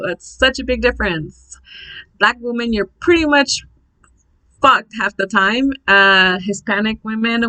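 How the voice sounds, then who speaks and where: A young woman telling a birth story in a casual, blunt, animated vlog, swearing freely. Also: a little high, poor audio.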